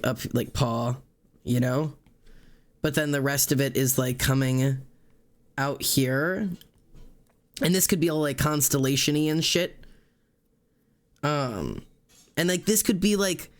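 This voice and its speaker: A man streaming live, chatting casually while he sketches tattoo ideas, rambling with many fillers and the odd curse. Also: mid-range voice. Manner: rambling, full of fillers and swearing. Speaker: livestreamer.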